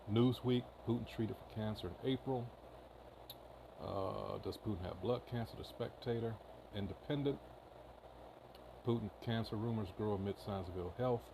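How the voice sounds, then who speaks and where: A man's voice: fairly low pitch, gravelly, noisy background. A man reading news headlines aloud in casual commentary, with many filler uhs and short asides. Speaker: commentary channel host.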